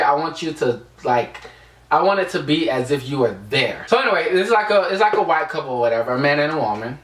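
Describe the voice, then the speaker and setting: A man's voice: fairly high pitch, a bit bright, distant mic. A young man from the United States telling a casual storytime vlog, rambling with lots of fillers. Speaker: vlogger. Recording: echoey room, away from the mic.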